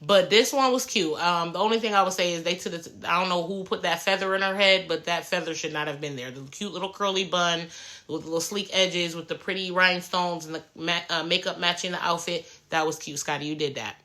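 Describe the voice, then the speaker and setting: A woman's voice: fairly low pitch, fairly even intonation, fairly quick, bright, forceful tone, low-quality recording. A woman giving blunt, profane, sassy commentary on a reality show in a casual chat.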